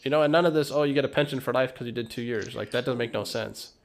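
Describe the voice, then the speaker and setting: A man co-hosting a relaxed podcast, talking fast in an easygoing, rambling way. He pads his sentences with "like", and his pitch sits in the middle range. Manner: rambling, laid-back, full of "like". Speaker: podcast co-host. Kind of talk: casual chat.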